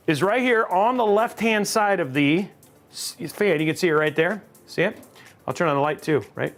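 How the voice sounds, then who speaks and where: A man's voice: high voice, moderate pace, soft background music. A man hosting a live PC-building stream, joking and chatting with viewers as he works. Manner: animated, jokey, chatting with viewers. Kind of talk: casual live-stream chat while building.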